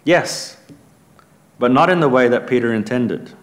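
A man's voice: mid-range voice, expressive, unhurried. A man preaching a sermon in an earnest, emphatic way, lifting his voice when he quotes scripture.

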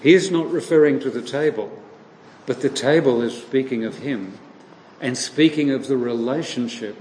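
Male preacher, mid-pitched, slow deliberate sermon delivery, recorded in a reverberant hall. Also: darkish tone. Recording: echoey hall with long reverb, faint noise.

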